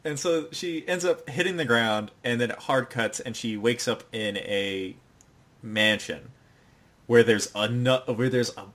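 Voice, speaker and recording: A man co-hosting a casual podcast, retelling an anime scene by scene. He tells it with animated energy and breaks into the characters' voices. His voice sits in an ordinary middle register. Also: mid-range voice, a little slow. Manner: animated storytelling, acting out the characters' lines. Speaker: podcast co-host. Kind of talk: casual chat recapping an anime.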